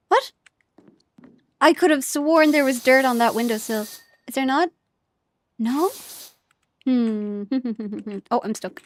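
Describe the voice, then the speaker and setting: A woman's voice: sits high, slow, pauses often. A young woman from Ireland streaming a game, chatting casually with viewers in a giggly, rambling way, often correcting herself. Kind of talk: casual gameplay chat with viewers.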